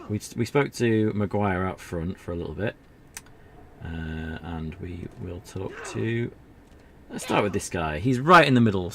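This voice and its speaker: A man's voice: deep voice, creaky, a little hiss or hum. A man streaming an old adventure game, chatting casually in a rambling, self-deprecating way. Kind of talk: casual gameplay commentary.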